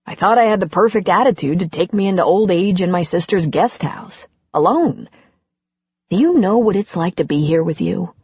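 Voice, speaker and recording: A woman reading an audiobook and voicing a gentle, self-deprecating older man who speaks softly. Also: lowish voice, animated, moderate pace, breathy edge, no room sound, dull audio. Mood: wondering, gentle. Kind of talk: audiobook character voice.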